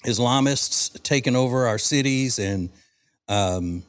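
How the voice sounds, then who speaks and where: A middle-aged Southern man hosts a casual podcast chat while smoking cigars, rambling in a folksy way with fillers and restarts. His voice is mid-range and slow, with no echo.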